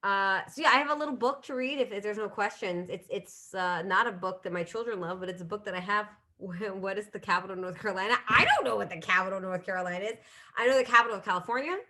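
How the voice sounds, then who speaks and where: A woman's voice: mid-range voice, quick pace, pushed and bright. A woman in her thirties hosting a solo comedy livestream from home, chatting casually and laughing at herself. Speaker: streaming comedy show host. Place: home room with bookshelf.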